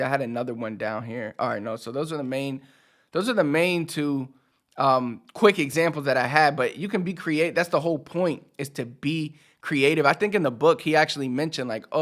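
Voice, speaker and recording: A man giving a casual video lesson as a language teacher, relaxed, repeating key words slowly for emphasis. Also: fairly high pitch.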